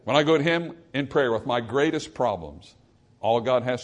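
A male pastor preaching a sermon, swinging from forceful emphasis to hushed, quiet lines. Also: mid-range voice, normal speed.

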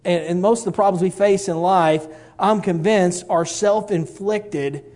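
A man's voice: sits high, measured pace, darkish tone. A middle-aged man, telling a folksy, self-mocking personal story with a moral.

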